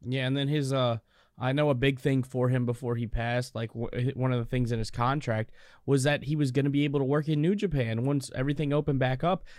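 A man's voice: mid-range voice, steady tone, brisk, darkish tone, dry recording. A man with a mid-range voice chats casually and gives firm opinions. He often restarts his sentences as he goes. The sound is close and dry. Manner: opinionated, stumbles over restarts. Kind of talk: casual chat.

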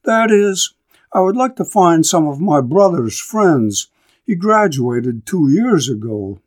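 A man's voice: a little high, sing-song, slow, voice pushed up, full character voice. A man voicing a wistful, earnest farm woman. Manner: eager, lingering.

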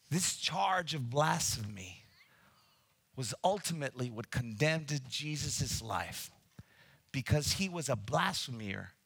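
A man preaching a sermon, animated, acting out scenes and addressing the congregation directly. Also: mid-range voice, creaky, husky, dry recording. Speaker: pastor.

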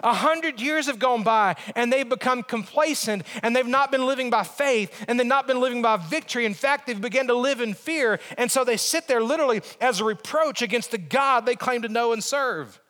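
A middle-aged man, a pastor preaching a sermon with earnest emphasis, pauses and repeated phrases. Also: extremely high pitch, pushed and bright, long reverb tail.

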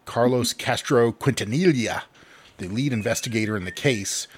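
A man's voice: mid-range voice, moderate pace, a little hiss or hum. A man co-hosting a casual podcast, reading news quotes aloud and laughing at his own slips. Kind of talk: casual chat.

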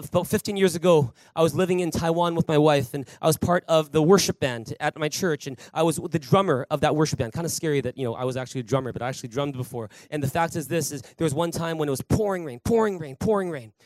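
A male pastor with a fairly high voice delivers a lively sermon, acting out the people in his stories. The sound is close and dry, with little room echo. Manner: animated storytelling with acted quotes. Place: church sanctuary.

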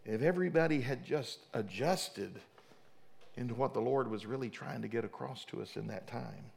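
A man's voice: mid-range voice, moderate pace, vocal fry, darkish tone, breathy edge. A middle-aged man, a pastor preaching a sermon fervently, often repeating and restarting his words.

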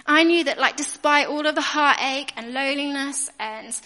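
A woman's voice: high-pitched, moderate pace, bright, forceful tone. A woman in her thirties with a British accent, telling a personal story in a chatty narrative-style sermon. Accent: British English. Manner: chatty storytelling, acting out her own asides. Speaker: guest preacher. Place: church hall. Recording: long reverb of a church hall.

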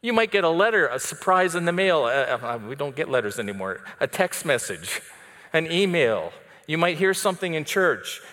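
Preacher guy telling bible stories, acts out all the parts, bright voice, long churchy echo. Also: a little high, normal speed. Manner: animated storytelling that acts out the characters. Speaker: pastor. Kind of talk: sermon. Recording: long reverb of a church hall.

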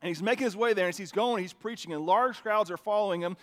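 A man's voice: high-pitched, quick pace, fairly bright tone. A male pastor giving a sermon in a conversational preaching style that builds to emphatic bursts, speaking into a microphone in a church. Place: church sanctuary with a sound system.

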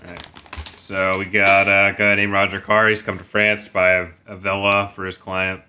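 Male co-host, very deep, flat delivery, bright edge, laid-back and deadpan. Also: normal speed, slight background noise. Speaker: podcast co-host. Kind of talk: casual chat.

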